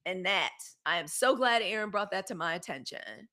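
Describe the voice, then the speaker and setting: A woman's voice: mid-range voice, lively intonation, normal speed, sharp tone. A woman hosting a live news commentary show, talking in a fiery, emphatic way with repeated phrases. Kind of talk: impassioned livestream commentary.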